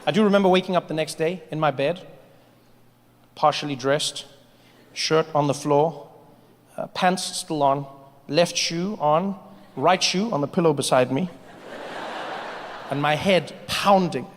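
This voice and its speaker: Comedian guy on stage telling stories, high voice, long hall echo. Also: measured pace, long pauses, slight background noise. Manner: animated storytelling, acts out characters. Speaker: stand-up comedian. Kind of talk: stand-up comedy.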